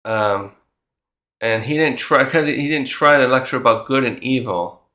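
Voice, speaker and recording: A man hosts a casual chapter review and thinks aloud as he goes. He retells the characters' dialogue in his own words, at a middle pitch. His voice carries a roomy echo. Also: normal speed, pushed and bright. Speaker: manga reviewer and channel host.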